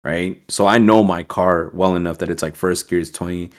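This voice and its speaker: A man co-hosting a podcast, telling a profane, animated story in casual chat. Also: low-pitched, moderate pace. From East Coast US. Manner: profane, animated storyteller, acts out quoted voices. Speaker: podcast co-host.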